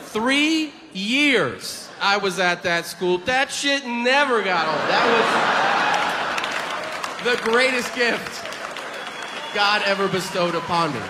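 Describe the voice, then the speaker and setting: A man performing a crude, animated stand-up routine on stage, acting out the people in his stories. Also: high-pitched, a little slow, a loud crowd. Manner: animated, crude storytelling with acted-out quotes. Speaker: stand-up comedian. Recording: reverberant hall with ambient noise.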